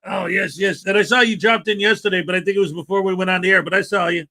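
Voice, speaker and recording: A man's voice: sits high, fairly even intonation, quick pace, noisy background. A man hosting a morning livestream, greeting viewers by name in a chatty, upbeat way. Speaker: livestream host. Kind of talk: casual livestream chat.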